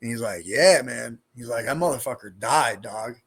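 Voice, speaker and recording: A man's voice: mid-range voice, normal speed, fairly bright tone, slightly rough. A middle-aged man telling his own prison stories in a casual interview, streetwise and profane, rambling with lots of fillers. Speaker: guest, former prisoner.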